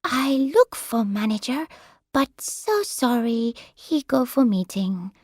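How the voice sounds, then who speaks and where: A gentle, apologetic young carer with a Filipino accent , as a woman narrator puts her on, speaking slowly in a lively, lilting line. It sounds close and dry. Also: on the high side, dry recording, voice pushed up, heavily acted. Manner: polite, apologetic, simple grammar. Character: young female Filipino carer, broken English.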